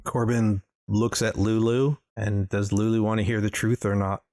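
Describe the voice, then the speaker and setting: Man player, lowish and dry, friendly. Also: little pitch movement, normal speed, a little mellow, no room sound. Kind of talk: tabletop role-play.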